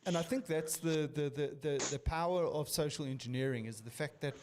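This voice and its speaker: A man's voice: on the high side, a little fast, darkish tone, a little hiss or hum. A man as a guest in a casual podcast chat, thoughtful, agreeing often and circling back to his point.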